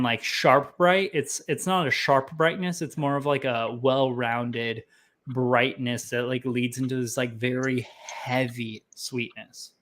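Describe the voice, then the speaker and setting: A man's voice: medium pitch, a bit bright. A young man hosting a casual whiskey tasting chat, rambling and self-deprecating, with lots of fillers. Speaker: whiskey tasting show host.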